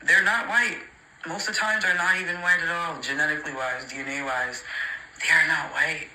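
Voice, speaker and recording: A man's voice: on the high side, steady tone, moderate pace, sharp tone, poor audio. A man in an opinionated, heated rant to the camera, emphatic and profane, repeating his points and mocking others. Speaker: social media creator.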